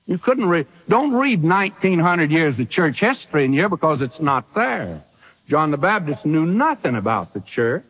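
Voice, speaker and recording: A man preaching an emphatic sermon, his high voice leaping up and down as he drives each point home with rhetorical questions. The sound is dull and lo-fi, like an old radio broadcast. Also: sing-song, normal speed, husky.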